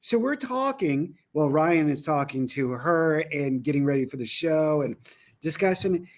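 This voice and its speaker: Male co-host, higher voice, lively storyteller who acts out quotes. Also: measured pace. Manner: animated storyteller, voice jumps high for quoted shouts. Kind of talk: casual chat.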